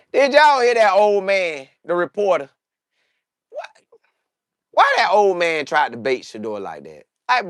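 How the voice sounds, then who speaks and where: A man giving casual sports commentary on a channel he hosts, in an animated, joking, slangy way. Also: high voice, dry recording, clean studio sound.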